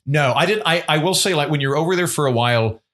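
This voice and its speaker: A man's voice: on the high side, fast. A man from Oklahoma, a comedian and podcast host, telling stories in casual, self-deprecating banter. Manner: storytelling, animated and self-deprecating.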